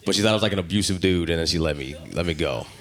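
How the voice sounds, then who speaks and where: A young man doing a stand-up comedy set on a club stage, brash and crude, rising into shouted rants, into a handheld mic. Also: low voice, very fast.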